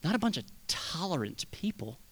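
A man preaching a sermon as pastor, swinging between loud bursts and hushed asides. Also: fairly high pitch, very animated, normal speed, breathy edge.

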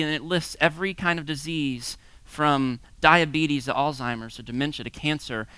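A man's voice: on the high side, clear, resonant tone, no echo. A man in his thirties or forties, from the United States, giving a sermon-style talk full of personal stories, chuckling often and acting out voices. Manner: lively storyteller, chuckles often, acts out voices. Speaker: pastor teaching a series.

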